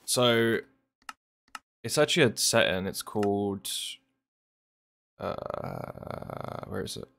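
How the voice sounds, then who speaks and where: A young man with an English accent talks through a live stream in a relaxed, chatty way, reading out viewer messages as he plays. His voice sits a little low, and his talk is loose and offhand, with plenty of casual swearing. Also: slow, vocal fry, long pauses. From England. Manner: laid-back, chatty, swears casually, reads chat aloud. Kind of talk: casual live-stream chat while gaming.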